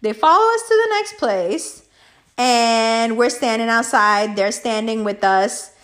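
Profane, animated woman telling a story. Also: fairly high pitch, a little slow. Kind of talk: storytime vlog.

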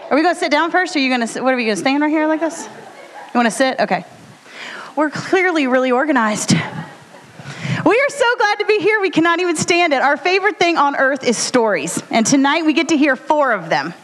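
A bubbly woman with a fairly high voice chats on stage, co-hosting a live storytelling podcast. She rambles along in an animated, friendly way. Her voice rings out with a long hall reverb. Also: a little fast. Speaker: podcast co-host. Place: stage before a live audience.

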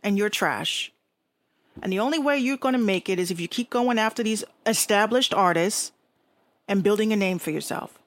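A woman's voice: mid-range voice, moderate pace. A woman with a Bronx accent hosting an online radio show, ranting bluntly and profanely in casual talk.

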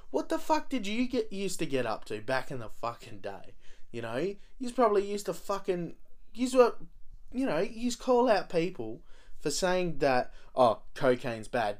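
Slow, profane man ranting. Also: sits high, a little mellow. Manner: profane, rambling, stumbling restarts. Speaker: podcast host. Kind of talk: casual rant.

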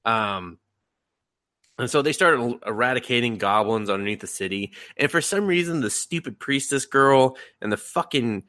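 A man's voice: medium pitch, normal speed, no room sound, studio quality. A young man co-hosting a podcast, casually recapping an anime with lots of swearing and acted-out reactions. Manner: animated, profane, acts out reactions in voices. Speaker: podcast co-host.

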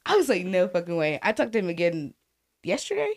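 A woman's voice: lowish voice, wildly swooping pitch, fairly quick. A young woman telling stories from her school job on a podcast, swearing freely and acting out the kids' voices. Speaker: podcast co-host, school staff. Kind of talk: casual storytelling chat.

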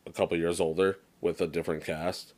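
A young man with a very low voice co-hosts a casual podcast. He tells stories with animated energy, swears freely and slips into quoted movie lines. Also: fairly quick. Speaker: podcast co-host. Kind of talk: casual chat.

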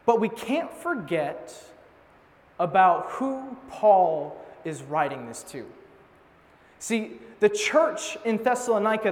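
A young man with a voice that sits high takes his time, pausing often as he preaches. His sermon is casual and joking, full of animated stories that tease out a passage, and long hall reverb colors the sound.

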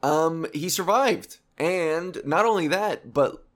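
Young male host, a touch high-pitched, sarcastic rambler, casual explainer, swears freely. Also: lively intonation, takes it slowly, a bit bright. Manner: rambling, sarcastic, profane asides. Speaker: video host.

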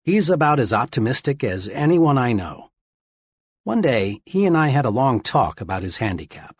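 A man giving a steady, earnest reading of scripted self-help narration, in the manner of an audiobook narrator. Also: mid-range voice, normal speed, breathy edge, no echo, clean studio sound.

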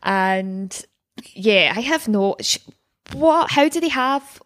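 Woman, podcast co-host, chatty and wry, mid-pitched. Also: expressive, slow, fairly bright tone. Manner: chatty, wry, laughs often. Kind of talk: casual recap chat.

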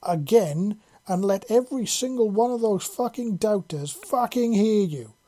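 A reader voicing a fierce, foul-mouthed woman soldier who growls and barks commands like a drill sergeant, in a husky, mellow voice. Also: medium pitch, animated, unhurried, voice pushed up. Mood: commanding.

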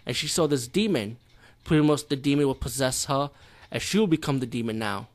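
A young man ranting in a profane, exasperated movie review, swinging from loud incredulous outbursts to low muttering. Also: a little fast.

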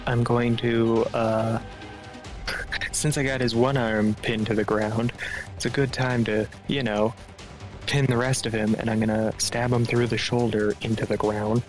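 A man's voice: medium pitch, flat delivery, a little slow, soft background music. A man playing in a tabletop role-playing game, explaining his character's moves plainly. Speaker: player.

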